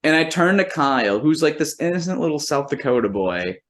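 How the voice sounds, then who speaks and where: A man's voice: on the high side, very animated, a little fast, a bit bright. A man, a musician and comedian, telling a long anecdote in casual, rambling speech full of fillers and swearing, quoting the people in it. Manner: profane, rambling, lots of "like" fillers; quotes people in rough imitation while storytelling.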